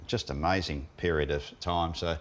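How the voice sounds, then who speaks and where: A man with an Australian accent co-hosting a motorsport show, talking in a relaxed, rambling way with frequent restarts. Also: extremely low pitch, normal speed. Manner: laid-back, restarts often, excitable behind the wheel. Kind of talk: casual chat and in-car commentary.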